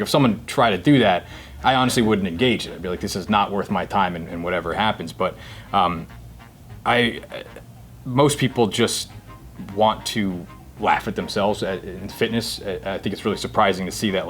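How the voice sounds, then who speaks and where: A man's voice: fairly low pitch, a little fast, faint music behind. A man in his thirties from New Jersey, a guest comedian telling stories in casual chat, candid and swearing freely. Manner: relaxed, candid storyteller who swears freely.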